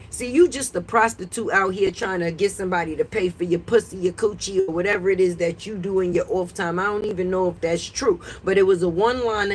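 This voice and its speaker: A woman's voice: mid-range voice, husky. A woman hosting a casual livestream from her porch, brash and profane, scolding her chat. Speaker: livestream host. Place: porch outdoors.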